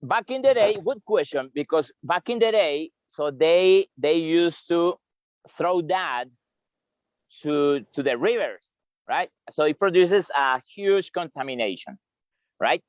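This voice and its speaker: Brief: male tour guide, unhurried, raised pitch, dry lo-fi sound. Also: animated, dry recording. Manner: halting, repeats words, chuckles while eating. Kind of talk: live virtual tour explanation. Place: outdoors on a coffee farm. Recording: dry, slightly dull lo-fi sound.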